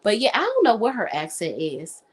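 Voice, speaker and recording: A woman's voice: mid-range voice, wildly swooping pitch, moderate pace, slightly rough. A woman hosting a casual gossip chat, blunt and profane, reading out viewer comments. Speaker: host.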